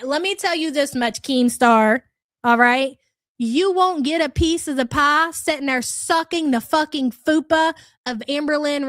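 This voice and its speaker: A woman's voice: sits high, fairly bright tone, no room sound, clean studio sound. A woman hosting a livestream, ranting aggressively with heavy swearing and sarcasm. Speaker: livestream commentary host. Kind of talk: profane livestream rant.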